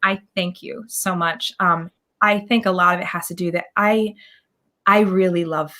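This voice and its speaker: A woman guest on an interview show, telling a story excitedly in a rambling way with many restarts. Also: lowish voice, normal speed. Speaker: guest actor. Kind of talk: casual interview chat.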